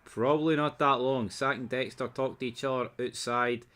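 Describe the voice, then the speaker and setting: A man's voice: medium pitch, steady tone, normal speed, fairly bright tone. A man giving a casual episode recap and review, blunt, sarcastic and sweary.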